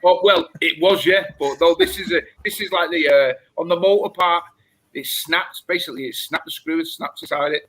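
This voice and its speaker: A man's voice: a little high, normal speed, a bit bright. A man chatting casually in a rambling way, repeating himself and calling people mate. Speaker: regular on a reef-keeping livestream. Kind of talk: casual banter.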